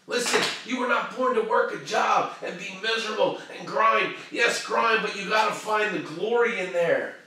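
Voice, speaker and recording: A man hosting a show and giving a fervent, preachy motivational pep talk that swings from shouting to hushed tones. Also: high voice, moderate pace, hardly any pauses, heavy reverb, recorded from a distance, a little hiss or hum. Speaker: motivational live-stream host.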